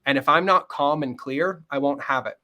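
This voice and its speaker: A middle-aged man speaking candidly as a podcast guest, earnest and fast-flowing, often acting out bits of dialogue. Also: on the high side, bright, forceful tone. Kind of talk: candid interview conversation.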